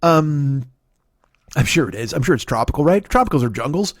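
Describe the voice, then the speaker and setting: A middle-aged male comedian rants fast and high, his pitch leaping all over as he argues with himself in a rambling, profane stream. The sound is dry and close, with no room echo. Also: animated. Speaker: comedian and podcast host. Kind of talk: solo comedic rant. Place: at home.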